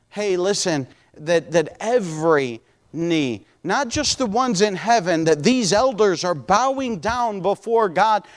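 A pastor in his forties delivers a sermon with a high-pitched man's voice. He preaches emphatically, often breaking in to urge the listeners to listen. His voice rings out with a long reverb in a church sanctuary. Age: 40s.

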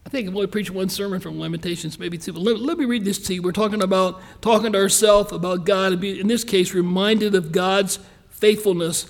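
A high-pitched male pastor preaches a folksy, earnest sermon. He slows down to stress key lines and speeds through quick asides.

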